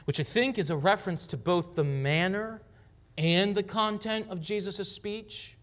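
A man's voice: sits high, unhurried, a bit bright. A man preaching a sermon, emphatic, repeating phrases for weight and sometimes dropping to a whisper. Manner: emphatic, drops to a whisper for quoted words; repeats and restarts phrases while building emphasis. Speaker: pastor. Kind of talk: expository sermon.

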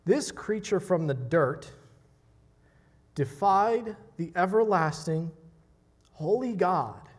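A man impersonating a stern older male preacher, delivering a quote in a loud, indignant yell. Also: high voice, animated, slow, pauses often, slightly rough, pitched above the performer's own voice, heavily acted. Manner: yelling, rising indignation.

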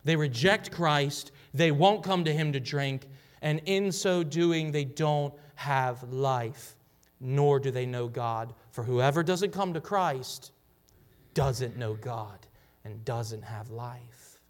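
A man's voice: medium pitch, slow. A man preaching a sermon, emphatic, repeating phrases for weight and sometimes dropping to a whisper. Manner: emphatic, drops to a whisper for quoted words; repeats and restarts phrases while building emphasis. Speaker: pastor. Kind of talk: expository sermon.

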